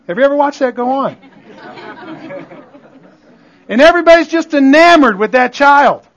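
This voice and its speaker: A man's voice: very high voice, expressive, a little fast, hardly any pauses, a bit bright. A man preaching a sermon as pastor, in a conversational way with frequent call-outs to the congregation. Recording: dull lo-fi recording.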